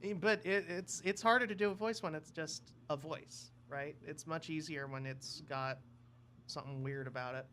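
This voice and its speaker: Bright high-voiced guy cohosting a stream, animated and jokey, faint hiss behind. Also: normal speed. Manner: animated, laughs often, tries cartoon voice impressions. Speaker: livestream co-host. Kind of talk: casual chat.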